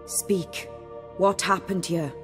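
A woman's voice: fairly low pitch, steady tone, slow, over music. An actress playing a cold, commanding noblewoman who speaks in cool, clipped lines.

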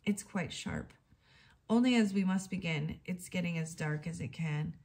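A woman's voice: on the low side, moderate pace, darkish tone, husky. A woman reading the lines of a quarrelsome, boastful little brother from a storybook, in a plain read-aloud voice.

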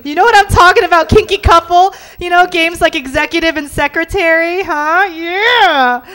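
A woman's voice: very high-pitched, normal speed, a bit bright. A young woman performing a stand-up comedy set on a club stage, punchy and teasing, constantly checking in with the crowd.

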